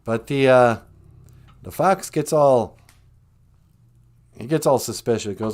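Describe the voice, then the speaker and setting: A man's voice: medium pitch, measured pace, pauses often, a little mellow. A man retelling a traditional tale on a podcast in a casual, chatty way, with joking asides. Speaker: podcast storyteller. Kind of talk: casual storytelling.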